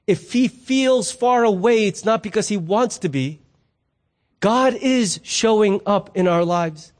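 A middle-aged man delivers a sermon in a relaxed, conversational way. His voice sits high and light for a man. He slips into stories and playful asides as he teaches. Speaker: pastor.

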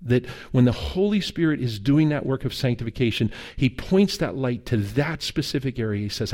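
A man's voice: medium pitch, animated, moderate pace, few pauses, darkish tone. A middle-aged man preaching a sermon as a pastor, telling stories with humor and acted dialogue. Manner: conversational storytelling with humor and quoted dialogue.

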